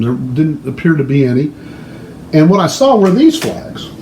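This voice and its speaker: A man telling a long story in a casual, animated way, hosting his own show. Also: a little high, normal speed, reverberant, slight background noise, low-quality recording.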